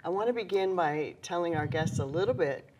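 A woman's voice: lowish voice, lively intonation, a little fast, noisy background. A woman hosting a talk show, interviewing an artist guest with effusive, gushing praise.

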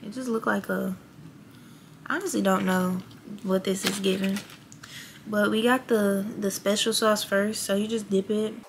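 A woman's voice: medium pitch, steady tone, normal speed, gravelly, slight background noise. A young woman talking candidly to her viewers in a casual, slangy vlog chat. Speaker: vlogger.

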